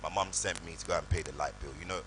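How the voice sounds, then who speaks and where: Telling stories on stage to an audience in a live event hall, a British guest actor animatedly acts out voices in his anecdotes. His low voice comes rapid-fire, with background noise behind it.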